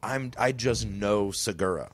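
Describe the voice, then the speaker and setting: A man's voice: on the low side, measured pace. A man speaking as a guest comedian in casual chat, earnest and matter-of-fact.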